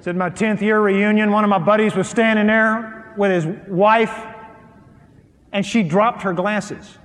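A pastor preaching a sermon on marriage to a live audience, emphatic and animated, swinging between loud and soft. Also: male voice, high voice, unhurried. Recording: long reverb of a large hall.

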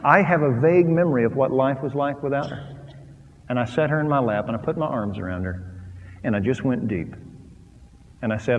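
A man's voice: mid-range voice, brisk, lo-fi sound, a little hiss or hum. Preaching man in an echoing hall. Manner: swings from loud preaching to quiet, hushed storytelling. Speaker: pastor. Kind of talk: sermon. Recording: long reverb of a large hall.

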